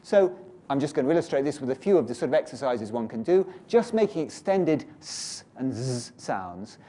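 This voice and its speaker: A man's voice: medium pitch, very animated, brisk, mellow. A British man giving a workshop lecture to teachers, explaining and leading the audience through exercises. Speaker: teacher trainer.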